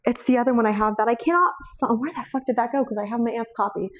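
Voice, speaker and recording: A young woman talks through her bookshelf in a loose, rambling chat, her voice a little high. She swears freely and breaks into laughter often. She sounds tearful and shaky. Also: very fast, a bit bright, lo-fi sound. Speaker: book vlogger. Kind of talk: casual chat.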